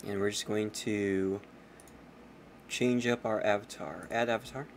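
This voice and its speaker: A man's voice: lowish voice, fairly even intonation, unhurried, vocal fry, a little hiss or hum. A man streaming a game, chatting casually with swearing and self-mocking asides. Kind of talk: casual gameplay commentary.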